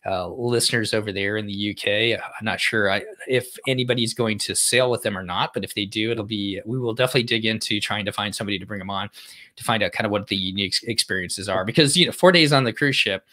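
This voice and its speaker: A man's voice: fairly low pitch, quick pace, bright, forceful tone. A man co-hosting a podcast, chatting casually through cruise news with fillers and restarts. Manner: conversational, frequent fillers and restarts. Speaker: podcast co-host.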